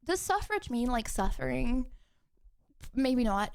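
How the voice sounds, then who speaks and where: A woman's voice: high-pitched, sing-song, takes it slowly, clear, resonant tone. A young adult woman livestreamer chatting casually, giggling and teasing herself as she reads questions aloud and answers them. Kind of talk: casual live-stream chat.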